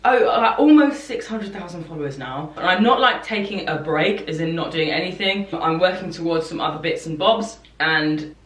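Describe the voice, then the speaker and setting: A woman's voice: fairly low pitch, lively intonation, normal speed. A young woman talking candidly and ramblingly to camera in a confessional vlog. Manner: rambling, candid, self-reflective. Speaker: content creator. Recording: echoey room, distant mic, soft music.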